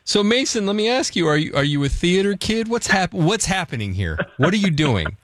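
A man in his thirties hosts a radio call-in segment. He talks in a playful, teasing way with a lively, swinging pitch. The sound is dry and close. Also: brisk, dry recording. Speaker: radio show host.

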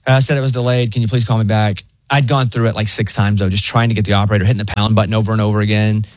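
A man's voice: racing, no room sound. Male co-host, casual banter, storyteller who slips into mimicry, dry booth sound. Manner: animated storyteller, mimics voices in a high pitch. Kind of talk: casual chat.

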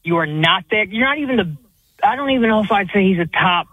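A male caller with a high, husky voice gives heated, exasperated takes on football. His voice comes over a dry, tinny phone line. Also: expressive, quick pace, dry recording. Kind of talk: call-in sports talk.

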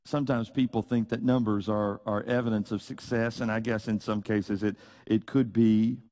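A man's voice: on the low side, steady tone, moderate pace, warm tone. A middle-aged man with a Tennessee Southern accent, preaching an earnest, conversational sermon with folksy asides and acted-out bits of dialogue.

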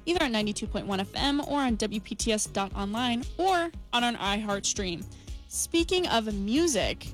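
A woman co-hosting a college radio show, chatting in a bubbly, playful, rambling way from the studio. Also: a little high. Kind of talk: casual on-air radio chat.

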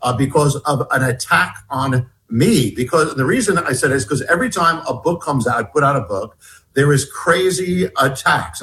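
A man being interviewed as an author, telling a story in a halting way, restarting and repeating his words as he goes. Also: fairly high pitch, sharp tone, low-quality recording. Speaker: guest author.

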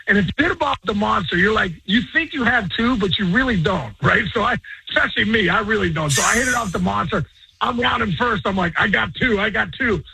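A man who is a former pro ballplayer, guest on a radio show, telling stories excitedly, repeating words and quoting others in quick little voices. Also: sits high, gravelly, husky, no echo, low-quality recording. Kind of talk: animated storytelling on a radio show.

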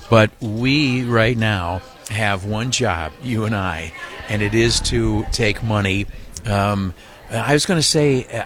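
A man's voice: fairly low pitch, fairly bright tone. Earnest, stammering male radio host. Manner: earnest, repetitive pleading with frequent stammers and fillers. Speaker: radio host running a hospital fundraiser. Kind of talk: live radiothon appeal. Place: radio studio.

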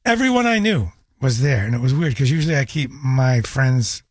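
Hoarse raspy-voiced male radio host. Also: medium pitch, animated, moderate pace, dry recording, studio quality. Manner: rambling anecdotal storytelling with restarts. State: hoarse, scratchy voice after a cold. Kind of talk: casual call-in radio chat. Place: radio studio. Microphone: studio microphone.

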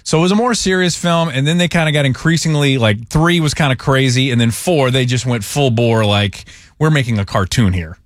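A man co-hosting a sports talk show, animated and joking, quick to tease. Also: mid-range voice, no echo, studio quality. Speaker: sports radio co-host.

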